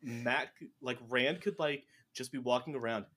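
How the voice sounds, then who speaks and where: Animated man recapping a fantasy book. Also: medium pitch, unhurried. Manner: animated, acts out characters' lines. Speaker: podcast host recapping a book. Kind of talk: casual chat.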